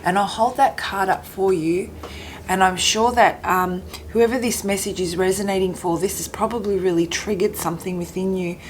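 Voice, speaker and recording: A woman reading tarot to camera in a mid-range voice that keeps catching in her throat. She speaks gently and haltingly, repeating phrases as she searches for the right words. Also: mid-range voice, fairly even intonation, slight background noise. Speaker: tarot reader.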